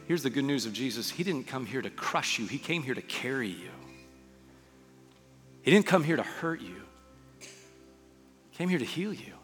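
A man preaching a sermon as pastor, acting out quoted voices and dropping into soft, hushed lines. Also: mid-range voice, expressive, moderate pace, long pauses. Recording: reverberant hall with faint music.

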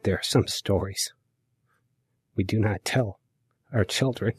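A man with a lowish voice narrates a personal memoir in a quiet, measured way, letting emotion show. Faint music sits underneath. He sounds like a podcast host reading his own story.

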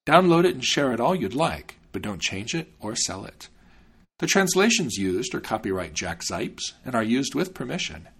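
A man hosting a podcast, reading a fairy tale aloud in an expressive, animated way. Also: mid-range voice, normal speed, vocal fry, breathy edge. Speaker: podcast host and storyteller. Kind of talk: scripted narration of a fairy tale.

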